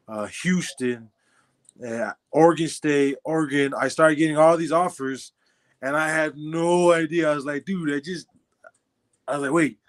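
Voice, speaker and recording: A young man in his twenties, a podcast guest casually telling his life story, acting out dialogue and laughing often. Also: on the high side. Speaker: podcast guest, former football player.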